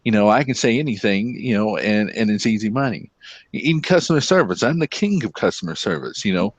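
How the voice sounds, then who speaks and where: Low-voiced man in relaxed chat. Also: a little fast, dry recording. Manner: easygoing, chatty, drops into a smooth announcer voice. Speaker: guest. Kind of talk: casual chat.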